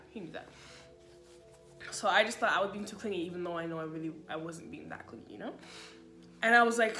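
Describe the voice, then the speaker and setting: A woman's voice: fairly low pitch, fairly quick, a bit bright. A young woman telling a personal story in a chatty vlog, acting out quoted lines of dialogue. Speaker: vlogger. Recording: echoey room with faint music.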